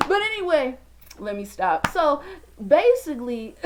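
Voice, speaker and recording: A young woman talking casually to her viewers in a motivational monologue, chatty and expressive, calling them "baby" and "y'all". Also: high voice, takes it slowly, slight background noise. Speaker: vlogger.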